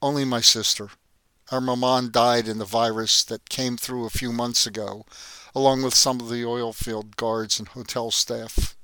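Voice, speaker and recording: A man voicing a guarded, sharp-witted young woman working as a hotel maid. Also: mid-range voice, level tone, normal speed, clear, resonant tone, dry recording. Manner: polite, composed, quietly defiant.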